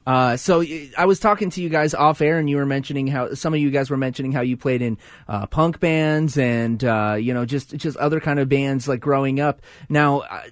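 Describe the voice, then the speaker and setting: A man's voice: mid-range voice, dry recording. A man hosting a local music radio show, chatting casually with a band in the studio and filling his talk with many "uh"s. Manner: halting, many filler words. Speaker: radio host.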